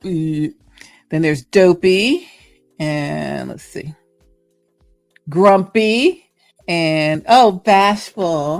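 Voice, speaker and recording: Host, middle-aged Southern woman, gravelly and playful, thinking out loud; dry mic with faint music. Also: deep voice, expressive, extremely slow, pauses often, no echo. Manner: chatty, playful, musing aloud. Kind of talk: casual reflective monologue.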